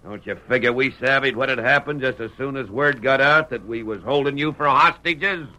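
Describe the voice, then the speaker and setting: An actor playing a crude, mocking frontier scout who talks in folksy Western slang. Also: male voice, medium pitch, normal speed, pushed and bright, natural voice. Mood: jeering.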